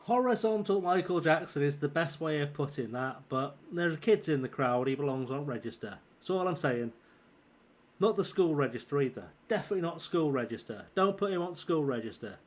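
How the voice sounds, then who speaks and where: A man's voice: on the high side, lively intonation, brisk. Tired northern-accented man streaming a game. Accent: northern English. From southern England. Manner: chatty, swearing, teasing viewers. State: tired with a sore throat forming. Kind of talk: live gameplay commentary and chat.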